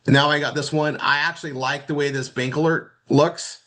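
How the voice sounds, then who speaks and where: A man teaching marketing in a casual screen-share walkthrough, rambling and halting, often repeating words as he clicks around. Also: a little high, steady tone, sharp tone. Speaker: marketing instructor.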